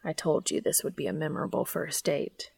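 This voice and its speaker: Woman reader doing a jumpy young mechanic; tense, dry humor, slightly low, rough edge. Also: normal speed, no room sound. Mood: nervous. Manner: tense and nervous. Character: nervous young mechanic, joking to hide fear. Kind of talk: audiobook reading of fan fiction.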